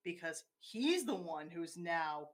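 A woman's voice: lowish voice, sing-song, slow pace. A woman in casual conversation, walking through a film scene step by step and acting out its quoted lines.

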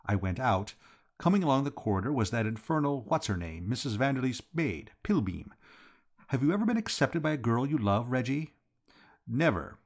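A man voicing a frantic, rattled young gentleman in an audiobook reading. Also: mid-range voice, big pitch swings, moderate pace. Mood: frantic, rueful.

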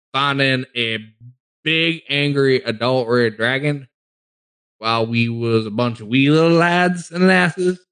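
Guy playing a folksy forest gnome w a drawl, rambly, average pitch. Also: fairly bright tone, clear, resonant tone. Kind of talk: tabletop role-play.

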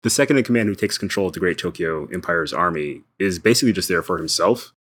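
Male co-host, very deep voice, measured and reflective. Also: expressive, a bit bright, husky. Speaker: podcast co-host. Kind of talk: casual chat about comics.

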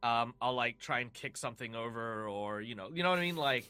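A man's voice: medium pitch, expressive, brisk, bright, forceful tone, clean tone, no room sound. A man playing a tabletop game, rambling with many fillers. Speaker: player. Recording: faint music behind.

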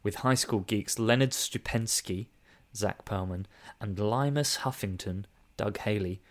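A man's voice: lowish voice, a little slow. A man, co-hosting a casual film review podcast, reading reviews aloud with mock emphasis and laughing often. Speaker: podcast co-host.

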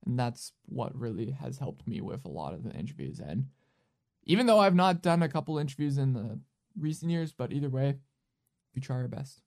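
A man's voice: medium pitch, very animated, moderate pace, creaky, darkish tone. A man hosting a podcast interview, chatty and informal as he asks questions. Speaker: podcast host. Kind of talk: casual interview chat.

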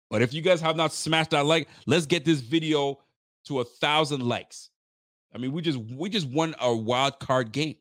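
A man's voice: mid-range voice, dry recording. A man in the middle of his own range hosts a live post-game stream, hyped and rambling, throwing trash talk at the rivals. He sounds tired and talks into a close mic in a dry, dead room. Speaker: sports fan channel host.

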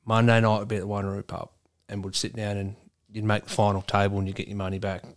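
A man's voice: lowish voice, quick pace. An Australian man, a racing driver, telling sweary stories in a casual chat. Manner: sweary, storytelling, animated.

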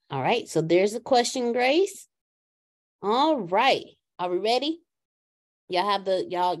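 Southern woman co-host, chatty and warm-hearted, very animated in her pitch, casual talk. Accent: Southern American. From Galveston, Texas. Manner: bubbly, chatty, laughs often, drawn-out greetings. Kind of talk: casual livestream chat.

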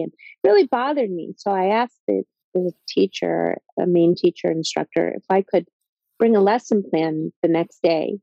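A woman's voice: on the low side, normal speed, creaky, dark tone, no echo. A Mohawk woman, a podcast guest, telling a personal story in an earnest, reflective way. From Mohawk Nation, North America. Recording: slightly dull lo-fi sound.

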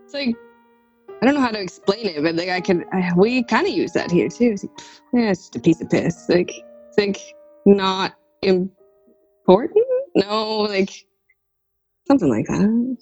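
Woman podcast guest, playful and giggly, slow unhurried talk. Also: medium pitch, animated, darkish tone, husky, lo-fi sound, soft background music. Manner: giggly, playful, joins in the jokes. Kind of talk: casual chat.

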